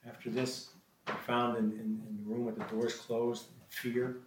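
A man's voice: mid-range voice, little pitch movement, moderate pace, noisy background. A man preaching a sermon and reading scripture, often hesitating with repeated words and ums. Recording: echoey room from a distant mic.

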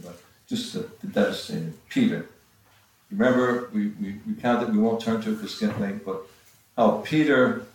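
A man giving a halting Bible-teaching sermon, with frequent restarts and pauses. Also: fairly low pitch, a little mellow. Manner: halting, many restarts and fillers. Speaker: preacher. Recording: far from the mic in a very echoey room.

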